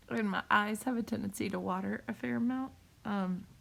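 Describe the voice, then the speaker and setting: A woman talking on a live video while crying, in a halting way, repeating herself and laughing through her tears. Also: mid-range voice, creaky, fairly bright tone. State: tearful, crying. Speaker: vlogger sharing a cancer update. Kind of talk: emotional live video talk.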